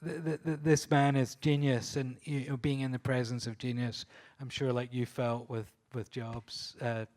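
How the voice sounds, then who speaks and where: A Scottish man speaking at a live panel event, recounting his photo shoots with eager, breathless excitement. He laughs often and stumbles over his words as the stories tumble out. His voice sits at an ordinary middle pitch. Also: moderate pace. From Scotland. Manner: enthusiastic storyteller, laughs often, restarts and fillers. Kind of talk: anecdotal talk at a public event. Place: live talk venue.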